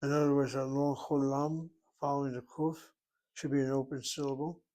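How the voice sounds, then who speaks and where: Man, Hebrew teacher, deliberate lecturing, thinks aloud, mid pitch. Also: flat delivery, warm tone. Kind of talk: classroom grammar lecture.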